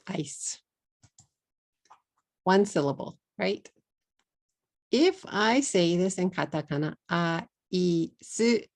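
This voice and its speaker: A middle-aged Texan woman gives an English pronunciation lesson at a very unhurried pace, saying each word over with care. Her voice sits a little low and has a gravelly fry running through it. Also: a little mellow. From United States. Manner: slow and deliberate, repeating words for learners. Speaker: English teacher.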